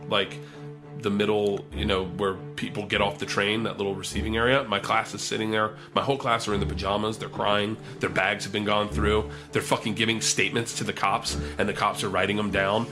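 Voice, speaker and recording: A man's voice: fairly low pitch, fairly quick, music in the background. A man telling a wild story in casual chat, swearing often and acting out the voices of the people in it. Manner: animated, swears a lot, acts out quotes. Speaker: storyteller guest. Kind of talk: profane comic storytelling.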